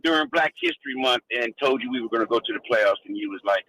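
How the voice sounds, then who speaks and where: A man's voice: mid-range voice, huge pitch swings, fast, gravelly, pushed and bright, slight background noise, low-quality recording. A man calling a sports radio show, laid-back and slangy, saying "man" a lot. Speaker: caller.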